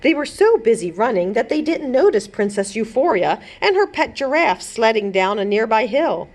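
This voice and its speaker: A woman children's librarian reading a chapter book aloud in an expressive storytelling manner. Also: on the high side, normal speed.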